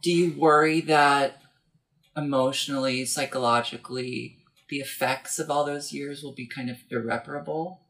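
A man's voice: mid-range voice, fairly even intonation, normal speed, fairly bright tone, low-quality recording. A male host asking playful, curious questions in a casual interview.

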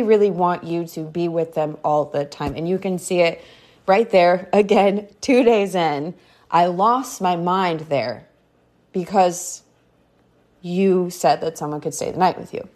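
A woman's voice: fairly low pitch, darkish tone. Woman chatting thru her own story on her podcast, lots of likes and you knows. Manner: casual, chatty, many fillers like "like" and "you know". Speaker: podcast host. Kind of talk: personal storytelling monologue.

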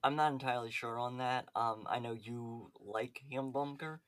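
A man's voice: mid-range voice, normal speed, fairly bright tone, no echo. A man co-hosting a podcast in casual chat, rambling with lots of "like" and "um". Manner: rambling, filler-heavy with many "like"s. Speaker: podcast co-host.

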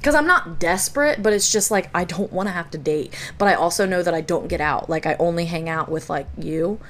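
A woman's voice: on the low side, fairly quick, fairly bright tone, a little hiss or hum. A young adult woman co-hosting a podcast, telling stories in casual chat with a blunt, profane, laughing manner. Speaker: podcast co-host. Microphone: phone.

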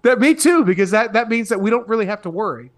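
Guy with a pretty high voice, chill, agreeing and chuckling on a podcast. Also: animated, fast talker. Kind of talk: casual podcast chat.

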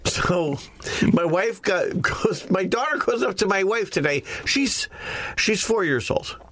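Animated man telling stories. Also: high voice, measured pace, dry recording. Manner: animated storyteller, mimics others. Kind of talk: casual chat.

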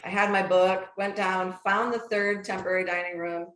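A woman in her fifties from Minnesota, with a Minnesota accent, telling a personal story as an interview guest in a lively, animated way. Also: medium pitch, normal speed. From Minnesota, United States. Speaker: guest, professor. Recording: roomy echo.

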